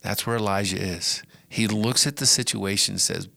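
A man's voice: lowish voice, moderate pace, gravelly, few pauses, pushed and bright, no echo. A middle-aged man hosting a podcast, giving an earnest, conversational devotional talk with emphatic rises. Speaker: podcast host and preacher.

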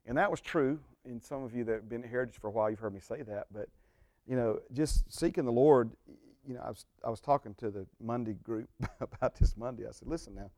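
A man's voice: mid-range voice, fairly quick, a little mellow, no room sound, studio quality. A man who is a pastor, teaching a church group in a folksy, joking way and saying amen often.

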